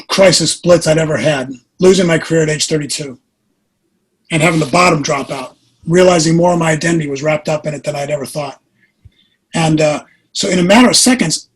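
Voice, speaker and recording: Husky high-voiced man telling his story. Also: rough recording. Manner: earnest, animated storyteller who acts out quotes. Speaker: podcast guest. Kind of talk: personal storytelling in an interview.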